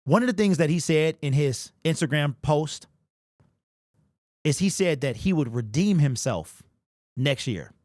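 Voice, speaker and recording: Sports show guy, worked up and emotional, highish voice, dry close sound. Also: expressive, unhurried, long pauses, a little mellow, no echo. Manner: passionate, emphatic, gets worked up. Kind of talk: live-stream sports talk.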